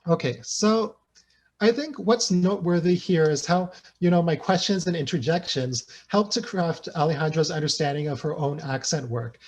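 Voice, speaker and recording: A man's voice: fairly high pitch, normal speed. Academic man lecturing, tagging "right?". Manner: frequent tag "right?" and "you know"; reads interview excerpts aloud. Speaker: academic speaker. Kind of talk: academic research talk.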